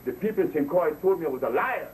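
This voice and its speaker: Lecturing to an audience, this herbalist from Honduras speaks quickly in a fairly high, darkish voice with lively intonation, his storytelling emphatic and preachy. A distant microphone picks him up along with faint noise.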